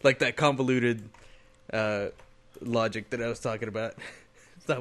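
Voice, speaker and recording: A man's voice: mid-range voice, fairly even intonation, normal speed, fairly bright tone. A man co-hosting a podcast, chatting enthusiastically and laughing while recounting jokes. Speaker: podcast co-host. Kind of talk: casual chat.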